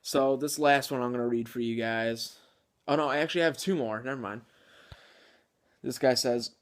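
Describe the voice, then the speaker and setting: A man's voice: medium pitch, fairly even intonation, moderate pace. A man hosting a gaming channel, chatting casually with lots of filler words and the odd chuckle. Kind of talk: casual video game commentary.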